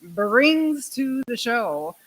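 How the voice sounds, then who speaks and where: Angeheiterte Frau, leises Rauschen. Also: female voice, fairly high pitch, sing-song, extremely slow. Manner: tipsy and giggly. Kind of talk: casual livestream chat. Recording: faint hiss.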